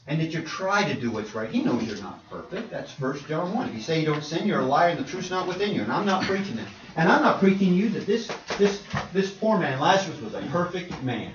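A male preacher delivers an emphatic sermon, dropping to quiet asides and then driving his points home with force. His voice sits a little high and is picked up from afar in a roomy, echoing church. The recording is dull and lo-fi. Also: a little hiss or hum. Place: church sanctuary. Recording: echoey church room, distant mic, dull lo-fi.

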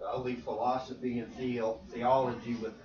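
A preacher with a medium-pitched, fairly flat voice teaches an interactive Bible class at a moderate pace in a church meeting room. He asks questions and repeats points over a noisy background, and the sound is dull, distant and roomy.

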